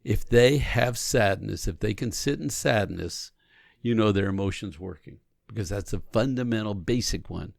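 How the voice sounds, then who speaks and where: Guy with a gravelly voice, chatty podcast cohost acting out little scenes. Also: fairly low pitch, normal speed, no echo, clean studio sound. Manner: animated, coaching, acts out examples. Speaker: podcast co-host. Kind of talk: casual conversation on marriage.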